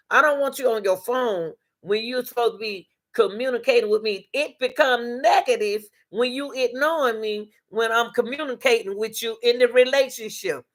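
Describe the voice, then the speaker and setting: A woman's voice: fairly high pitch, normal speed, hardly any pauses, fairly bright tone. Emphatic woman giving relationship advice. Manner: emphatic, repetitive, addresses listeners directly. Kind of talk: casual advice monologue.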